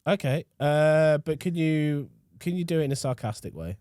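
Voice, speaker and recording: A man's voice: fairly high pitch, normal speed, dry recording, clean studio sound. A man co-hosting a podcast, joking and swearing freely in casual chat. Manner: jokey, swears freely, lively. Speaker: podcast co-host.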